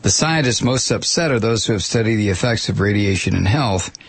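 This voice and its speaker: A man's voice: fairly low pitch, animated, brisk, breathy edge, no echo. A man giving an informal spoken commentary, wry and sardonic, with offhand asides.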